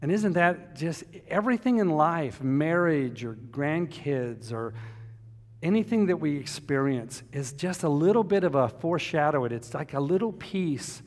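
An older man delivers an emphatic, storytelling sermon, swelling loud and then falling quiet. His voice sits a little high for a man. The sound carries a long reverb from a church sanctuary. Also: expressive, unhurried. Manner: storytelling, emphatic, swings between loud and soft. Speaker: pastor.

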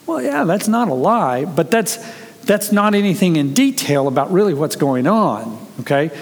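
A man's voice: on the high side, very animated, moderate pace. A man preaching a conversational sermon as pastor, earnest, telling stories and quoting people with animation. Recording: long reverb of a large hall.

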